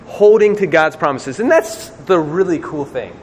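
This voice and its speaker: A man preaching a sermon in a lively, casual way, acting out quoted voices with slang. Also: on the high side, moderate pace, a little hiss or hum. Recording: long hall reverb, faint ambience.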